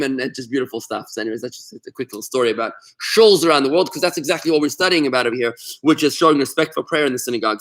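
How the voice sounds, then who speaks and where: A middle-aged man, a rabbi, leading a casual online Talmud class, telling stories with lively asides and frequent restarts. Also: fairly high pitch. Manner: animated storyteller, warm asides, many restarts.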